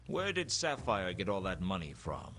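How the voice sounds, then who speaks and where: A man's voice: sits low, wildly swooping pitch, moderate pace, vocal fry, a bit bright, faint music behind, exaggerated voice. An actor playing a weary, sardonic male detective in a noir video game, speaking dryly. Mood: probing. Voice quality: dry, sardonic delivery. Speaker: game character.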